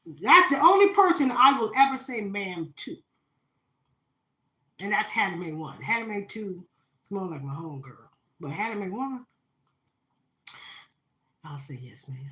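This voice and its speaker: A woman reads tarot cards live, talking dramatically to her viewers. Her voice is bright and her speech is full of fillers. She is recorded on a phone in an echoey room. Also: medium pitch, very animated, normal speed. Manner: dramatic, spiritual, talks to viewers, many fillers. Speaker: tarot reader. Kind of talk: live-stream tarot reading.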